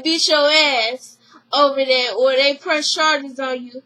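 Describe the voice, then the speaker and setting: A woman's voice: high-pitched, fairly even intonation, slow pace, pushed and bright, rough recording. A woman casually recapping a reality show, acting out the quotes, blunt and profane.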